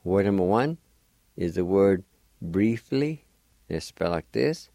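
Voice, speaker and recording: A man teaching a slow radio language lesson, spelling words letter by letter. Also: sits low, animated, creaky, dark tone, no room sound.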